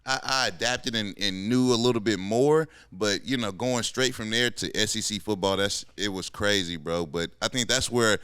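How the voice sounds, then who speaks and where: A man's voice: fairly low pitch, normal speed, few pauses, sharp tone, smooth, no room sound. A man in his thirties, a podcast host and former pro football player, talking in a laid-back, slangy, casual way.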